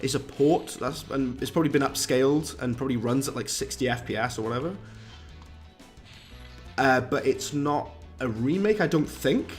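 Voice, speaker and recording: A man's voice: mid-range voice, moderate pace. Man, live gameplay stream, chatty and rambling, faint game music behind. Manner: chatty, rambling, reads chat aloud, British slang.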